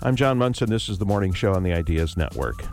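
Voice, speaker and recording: A man's voice: deep voice, big pitch swings, fast, a little mellow, soft background music. A man hosting a call-in radio talk show, chatting easily with a guest and inviting listeners to call. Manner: friendly, conversational, asks listeners questions. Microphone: studio microphone.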